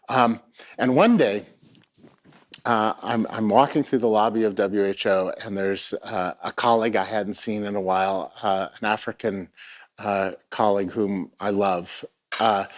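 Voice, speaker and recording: A middle-aged man speaking on stage at a live arts event, telling a personal story in a reflective, halting way, often repeating words as he searches for them. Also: lowish voice. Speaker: festival speaker.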